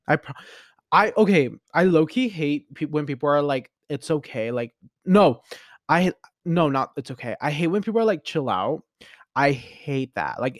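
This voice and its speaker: A man hosting a podcast, talking alone in a rambling, chatty and expressive way. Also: a little high, dry recording, studio quality. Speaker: podcast host. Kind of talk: casual solo monologue.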